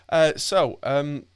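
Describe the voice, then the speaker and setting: A man's voice: a little high, clear, resonant tone, no echo, clean studio sound. A man hosting a podcast, chatting casually and rambling with frequent laughs. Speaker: podcast host. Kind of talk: casual chat.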